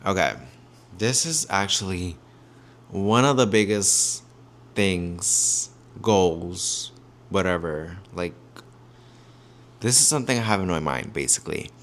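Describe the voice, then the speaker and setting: Low-voiced young man rambling in a vlog. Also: animated, slow, long pauses, a bit bright. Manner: rambling, heavy fillers, addresses viewers as y'all. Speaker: YouTuber. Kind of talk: casual vlog chat. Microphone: handheld mic.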